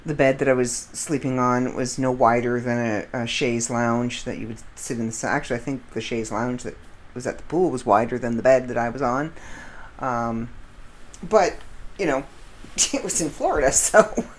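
A woman's voice: rumbling low, moderate pace. A middle-aged woman from the United States telling rambling, chatty stories in a casual monologue and laughing at her own jokes.

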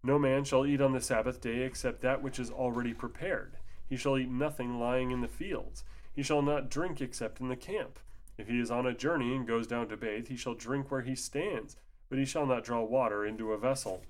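A man's voice: mid-range voice, fairly even intonation, moderate pace. A sleepy man reading old religious rules aloud and breaking in with sarcastic, mocking asides. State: sleepy, yawning. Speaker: commentator.

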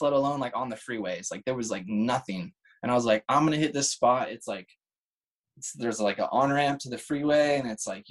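A man in his thirties, appearing as a guest, tells a story in a laid-back, slang-heavy way, swearing and saying "like" and "dude" a lot. His voice is mid-range, and the recording is rough.

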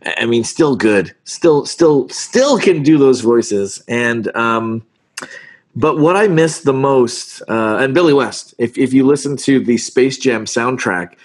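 Voice actor guest, man, animated, quick talker with restarts, medium pitch. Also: husky. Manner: animated, fast, restarts words. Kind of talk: casual interview chat.

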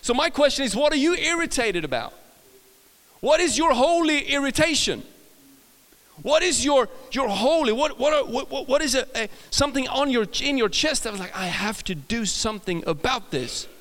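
A man with a Swedish accent delivers a sermon in a higher register, stumbling over words and circling back with restarts. His voice carries a long reverb, as if filling a large church hall. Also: lively intonation, normal speed, fairly bright tone. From Sweden. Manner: storytelling with frequent restarts and self-laughter. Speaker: preacher.

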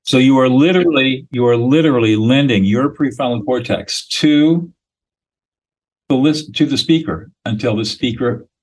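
Husky-voiced man explaining emphatically. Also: mid-range voice, normal speed, low-quality recording. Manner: emphatic, blunt, lecturing with declarative statements. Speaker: guest expert on listening. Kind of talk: explanatory podcast interview.

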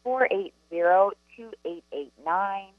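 A woman co-hosting a live spiritual talk radio show as a medium, chatty and animated as she tells stories. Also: mid-range voice, dry recording, narrow, tinny audio. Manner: chatty, animated storyteller, quick asides. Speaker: psychic medium co-host.

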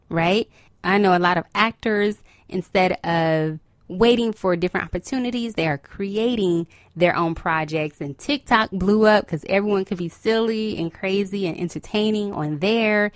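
A woman's voice: mid-range voice, dry recording, studio quality. Upbeat chatty woman podcast host. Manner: upbeat, chatty, laughs often. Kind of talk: casual motivational podcast talk.

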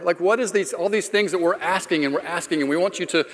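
Middle-aged male pastor, casual storyteller with jokes at his own expense, slightly high voice, long reverb of a big room. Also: quick pace, few pauses, fairly bright tone. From Florida. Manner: conversational storyteller, self-deprecating humor. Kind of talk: sermon with personal story.

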